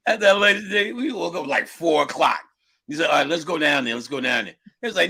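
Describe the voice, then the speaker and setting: Husky, bright-voiced man telling stories. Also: fairly high pitch, moderate pace. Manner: animated, profane, laughing, acts out quotes. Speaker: spiritual lecturer. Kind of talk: casual storytelling talk.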